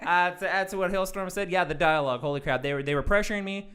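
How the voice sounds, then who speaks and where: A man's voice: high-pitched, fast talker, a bit bright, smooth. A man co-hosting a casual show-review chat, jokey and loose, swearing freely. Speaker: podcast co-host.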